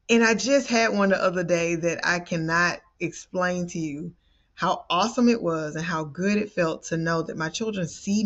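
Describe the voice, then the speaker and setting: A woman parenting coach telling a personal story to the camera in an animated, expressive way. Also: on the low side, highs cut off.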